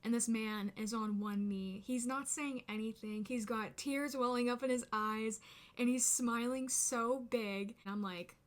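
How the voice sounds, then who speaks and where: A woman's voice: on the high side, unhurried. Chatty young woman telling a story. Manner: chatty, animated, lots of "like" fillers. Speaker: vlogger. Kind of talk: casual storytime chat to camera.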